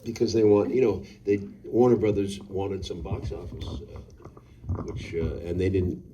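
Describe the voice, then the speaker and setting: A film director talking at a live Q&A in a cinema, halting and full of fillers and restarts. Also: male voice, deep voice, warm tone, recorded from a distance, a little hiss or hum, low-quality recording. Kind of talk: on-stage Q&A.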